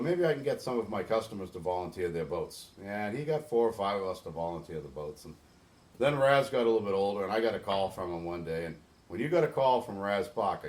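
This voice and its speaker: A middle-aged man from New England, a guest in an interview, telling a long story earnestly and with feeling, often restarting his sentences. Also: fairly low pitch. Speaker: interview guest, boatyard volunteer organizer.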